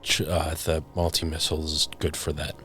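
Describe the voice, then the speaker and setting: A man giving casual gameplay commentary on a live stream, halting and hesitant, with many fillers. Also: rumbling low, monotone, sharp tone, soft background music. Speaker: streamer playing the game.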